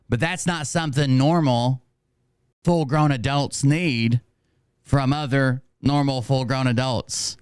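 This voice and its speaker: A man's voice: mid-range voice, clear, resonant tone, no echo, studio quality. A man hosting a casual livestream, rambling and self-mocking, laughing often. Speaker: streamer host.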